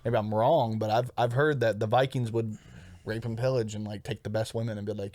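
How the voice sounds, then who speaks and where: A man's voice: on the low side, fairly even intonation, fairly quick, darkish tone, no echo. A man co-hosting a comedy podcast in casual, rambling chat, swearing freely and laughing often. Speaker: podcast co-host.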